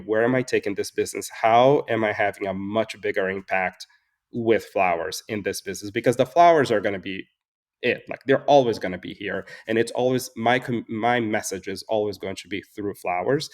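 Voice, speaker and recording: Low-ish voiced guy in his forties, chatty and earnest, keeps acting out little conversations. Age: 40s. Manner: earnest and reflective, acts out dialogue, laughs often. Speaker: podcast guest, flower farmer and floral designer. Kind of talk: casual interview storytelling.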